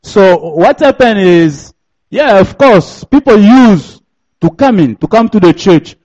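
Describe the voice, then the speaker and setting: A man's voice: high voice, animated, darkish tone, highs cut off. A young man from DR Congo, a native French speaker with a French accent, preaching as a guest in a church, repeating phrases and laughing often. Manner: slow, repetitive, laughing often. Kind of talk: sermon.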